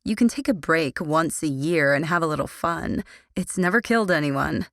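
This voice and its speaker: A woman's voice: deep voice, lively intonation, moderate pace, no room sound, clean studio sound. A woman reading an audiobook, voicing a teenage older sister in a coaxing, light manner.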